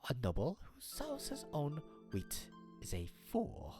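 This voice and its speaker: Picture a haughty young male bird noble from a dating game, stiff and formal, sighing between proud pronouncements, as a woman streamer puts him on. His voice sits high in a breathy half-whisper that swoops a great deal, with slow, deliberate delivery. Music plays clearly under him. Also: wildly swooping pitch, exaggerated voice. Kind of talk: reading a game aloud on stream.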